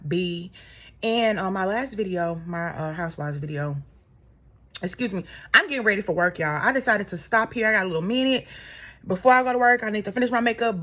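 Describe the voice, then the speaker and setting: A woman's voice: mid-range voice, fairly bright tone. A woman vlogging casual commentary while getting ready for work, chatty and opinionated as she calls out celebrities directly.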